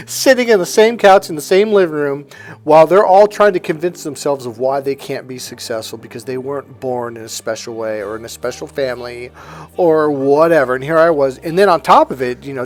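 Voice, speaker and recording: A middle-aged man talking bluntly and with profanity to camera as a self-help coach, acting out what family members said. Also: medium pitch. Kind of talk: casual monologue to camera.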